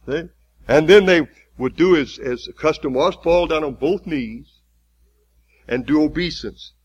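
A man preaching a sermon, retelling a story vividly with halting restarts. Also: fairly high pitch, slightly rough, no echo, highs cut off.

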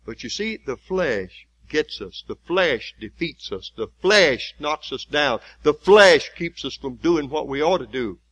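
A man preaching a sermon in a folksy way, building to loud, emphatic, slowly repeated lines. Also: on the high side, expressive, no echo, muffled recording.

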